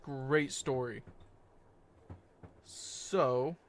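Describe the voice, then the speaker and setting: A man's voice: medium pitch, very slow. A young man streaming, wrapping up a game session in a rambling, laid-back chat with his viewers, full of fillers and self-corrections.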